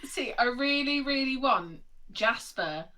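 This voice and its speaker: A woman's voice: sits high, expressive, slow, a crowd in the background. A woman chatting and laughing with friends over a video call. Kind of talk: casual chat on a live stream.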